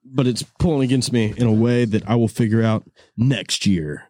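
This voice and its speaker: A man's voice: fairly low pitch, moderate pace, darkish tone, dry recording, clean studio sound. A man hosting a podcast who tells casual, rambling stories and swears freely. He laughs often and calls people "dude" in a laid-back way. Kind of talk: casual storytelling chat. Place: studio room. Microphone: studio mic with cord.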